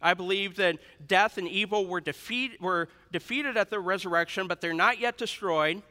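A man preaching a sermon to a congregation, dynamic and humorous, swinging between loud emphasis and hushed asides. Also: high voice, normal speed. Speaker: pastor. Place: large church hall. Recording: reverberant hall.

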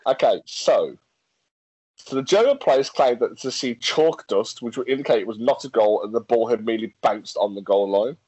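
A man's voice: medium pitch, moderate pace, husky, no echo, poor audio. Guy chatting on a podcast, dry close sound, lots of restarts. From England. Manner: animated, reads facts aloud, frequent restarts and laughs. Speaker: podcast co-host. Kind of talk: casual chat.

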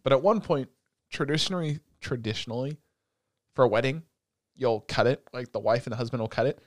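A man co-hosting a casual podcast, retelling an anime with animated swearing and laughter. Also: medium pitch, fast talker, dry recording, clean studio sound. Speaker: podcast co-host.

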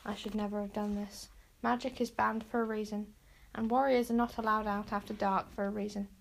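A woman's voice: mid-range voice, flat delivery, fairly quick, gravelly. A plucky young girl princess in a storybook, read by a woman. She speaks with urgent determination and a fair bit of stubbornness, and her voice stays close to the reader's own. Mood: frantic.

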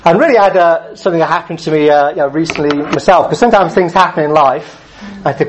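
A man preaching a sermon in a relaxed, conversational way, often with a "you know", now and then acting out angry drivers. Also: on the high side, quick pace, a little hiss or hum. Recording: dull lo-fi sound.

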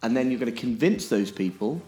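A man's voice: mid-range voice, animated, fairly quick, dark tone, soft background music. A man explaining things on a podcast in an emphatic way, often checking in with "okay?". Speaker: podcast co-host.

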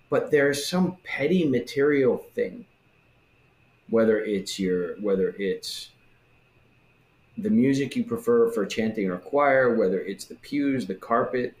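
A man in a casual religious discussion who talks in an animated way and acts out the voices he quotes. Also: on the low side. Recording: roomy echo.

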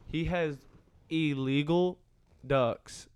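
A man's voice: fairly high pitch, drawn-out words, smooth. Laughing young man telling hunting stories. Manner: rambling, laughing often, Southern slang. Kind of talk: casual storytelling among friends.

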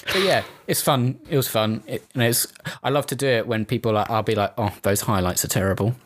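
A man's voice: medium pitch, a little fast, fairly bright tone, slight background noise. A man co-hosting a casual chat podcast, rambling through stories, laughing often and acting out what people said. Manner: rambling storyteller, laughs often, acts out quoted voices. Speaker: podcast co-host.

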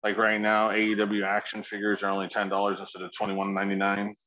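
A man's voice: lowish voice, monotone, fast, sharp tone, a little hiss or hum, poor audio. A man co-hosting a casual podcast, laid-back and rambling, swearing freely. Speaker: podcast co-host.

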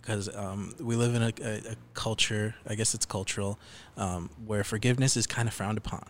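A man from Peru hosting a podcast, speaking in a reflective, measured way. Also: on the low side, steady tone, slight background noise. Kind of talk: casual chat.

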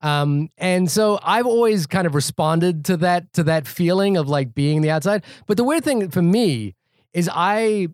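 A man from India chatting casually about a film as a podcast host, animated and full of restarts and fillers. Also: high voice, measured pace, no room sound, clean studio sound. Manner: animated, thinks aloud with many restarts and fillers.

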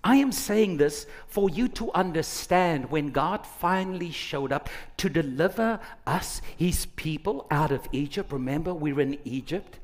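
A middle-aged male pastor preaching a sermon, animated, acting out quotes with big swings from quiet to loud. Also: high voice. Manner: animated, dramatic swings in loudness, acts out quotes.

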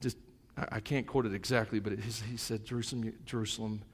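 A middle-aged male pastor preaching a sermon, moving between soft, reflective asides and loud, fervent stretches. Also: lowish voice, steady tone, fast talker, big-room sound.

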